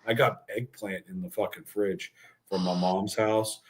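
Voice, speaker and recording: A man's voice: fairly low pitch, unhurried, a little hiss or hum. A man, hosting a casual chat and telling stories with lots of swearing. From New York. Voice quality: profane, animated storyteller. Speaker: podcast host.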